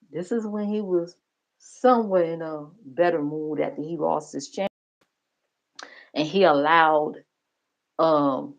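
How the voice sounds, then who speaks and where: A woman's voice: fairly low pitch, darkish tone. Blunt, profane woman gossiping on a livestream. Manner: blunt, profane, gossipy, talks straight to viewers. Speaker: livestream reaction host. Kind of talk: casual commentary.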